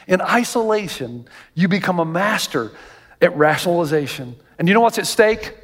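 A man preaching a sermon as pastor, telling stories in an animated way and acting out the voices of the people in them. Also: high-pitched, moderate pace, long reverb tail. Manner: animated storytelling, acts out quoted voices.

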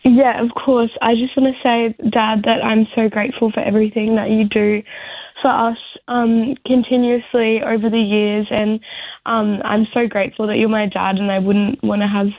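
A woman's voice: fairly high pitch, flat delivery, moderate pace, no echo. A young woman calling in by phone, chatting casually and hesitantly, with lots of "like" fillers. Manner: hesitant, fills with "like". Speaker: caller, host's daughter. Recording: tinny phone line.

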